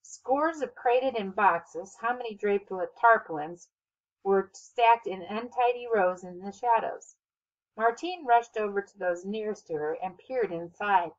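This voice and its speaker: A woman's voice: medium pitch, a little slow, dull audio. Woman narrating a storybook chapter. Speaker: audiobook narrator. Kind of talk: scripted narration.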